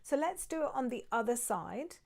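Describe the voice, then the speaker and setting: A woman leads an acupressure and breathing session, talking listeners through each step in a calm, steady way. Her voice sits a little high and carries a gravelly edge. She demonstrates on her own hands as she goes. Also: normal speed. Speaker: acupressure and qigong teacher. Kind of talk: guided acupressure and breathing instruction.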